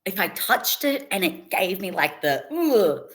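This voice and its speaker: A woman's voice: medium pitch, sing-song, unhurried, a bit bright. A young adult woman, a podcast guest, chatting casually and telling stories with frequent laughs. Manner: chatty storytelling, laughs often. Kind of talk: casual interview chat.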